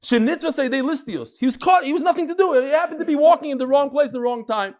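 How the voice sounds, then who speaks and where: A middle-aged man giving a Talmud lecture, reading the text aloud and retelling stories in an animated way. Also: very high voice. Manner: animated, quick storytelling with Hebrew-Aramaic reading. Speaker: Talmud teacher.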